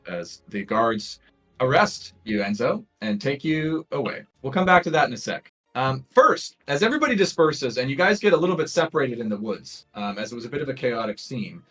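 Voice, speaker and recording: A man's voice: medium pitch, animated, a little fast, a bit bright, soft background music, poor audio. A man narrating a tabletop game as game master, in a loose, rambling way full of fillers. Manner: loose, lots of fillers and hedging.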